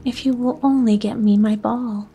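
A woman voicing a spoiled young princess in a whispered role-play bedtime story, speaking in a soft whisper. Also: fairly high pitch, steady tone, moderate pace, breathy edge, faint music behind. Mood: pleading.

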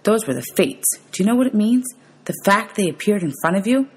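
A woman's voice: medium pitch, animated, fairly quick, husky, pitched above the performer's own voice. A woman reading aloud, voicing a nervous, touchy young male satyr who snaps back defensively. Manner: defensive, bleating retorts.

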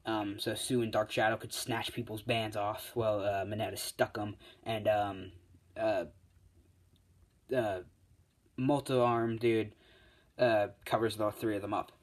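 A man's voice: on the low side, little pitch movement, a little slow. A man casually retelling a fan story, rambling with lots of uh's and restarts. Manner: rambling, full of fillers and restarts.

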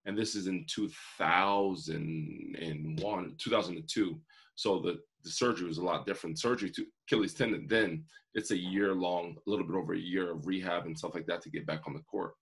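A deep, steady, slightly rough and creaky voice belongs to a motivational speaker in his forties, a guest telling his life story in an interview. He talks fairly quickly, earnest and vivid, acting out the quotes he shares.

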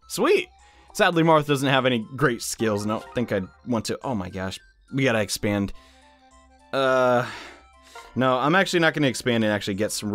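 A young man hosting casual gaming commentary, excitable and chatty, with frequent exclamations. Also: mid-range voice. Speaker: YouTube gaming host.

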